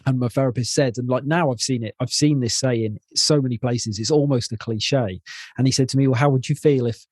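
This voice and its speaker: A man talks openly in an interview at an ordinary middle pitch. He tells his stories with blunt frankness and drops swear words casually. The sound is close and dry, with no room around it. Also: brisk, darkish tone, dry recording. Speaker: podcast guest. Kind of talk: candid conversational interview.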